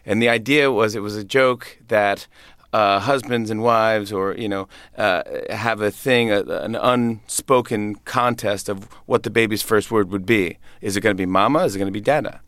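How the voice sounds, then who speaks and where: A comedian in his thirties chats as a guest in an interview, laughing often and acting out voices in his stories. His voice is on the low side, steady, and fairly bright, at a moderate pace. The recording is dry and studio quality.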